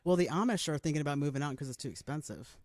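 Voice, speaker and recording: A man's voice: a little high, lively intonation, a little mellow, dry recording, clean studio sound. Easy-laughing man in casual chat. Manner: laughs easily, quick asides.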